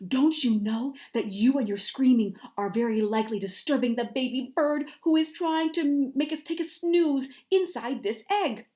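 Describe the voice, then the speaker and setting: A woman voicing a bossy, huffy male duck in a children's storybook, scolding loudly and indignantly in a raised voice. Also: high voice, normal speed, hardly any pauses, pitched above the performer's own voice, natural voice.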